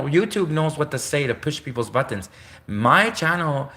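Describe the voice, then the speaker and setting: A man's voice: on the high side, very animated, normal speed, pushed and bright. A young Canadian man hosting his own channel, ranting in an indignant, sarcastic monologue full of repetition. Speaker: channel host.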